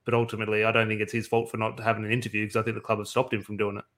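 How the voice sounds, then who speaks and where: A man's voice: fairly low pitch, monotone, rapid-fire, a bit bright. A man co-hosting a casual football fan podcast, talking through his opinions at length with frequent restarts. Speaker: podcast co-host.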